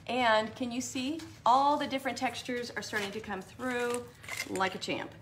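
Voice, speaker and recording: A woman's voice: medium pitch, fairly bright tone, slight background noise. A woman hosting a live craft tutorial, chatting and rambling as she answers viewers by name.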